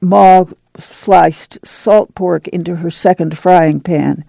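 A man narrating an audiobook at a steady, unhurried pace. His voice is gravelly and dark, close and dry. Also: high-pitched, dry recording. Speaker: reader.

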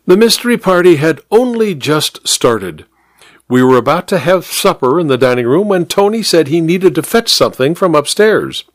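A man voicing an excitable male vicar who gets indignant and shrieks when riled, in a dry, close storybook reading. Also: on the high side, normal speed, no echo, pitched above the performer's own voice. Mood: recalling.

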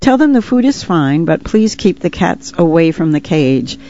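A woman voicing a calm, wise male white dove that speaks as a spiritual messenger, matter-of-fact and gently solemn. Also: fairly low pitch, moderate pace, muffled recording.

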